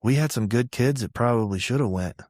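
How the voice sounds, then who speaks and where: Speaking fairly quickly at a medium pitch, this veteran from Georgia, USA, a man in his thirties, tells army tales as an interview guest. He's animated and profane, loudly voicing the people he quotes, and the studio sound is clean with no room tone.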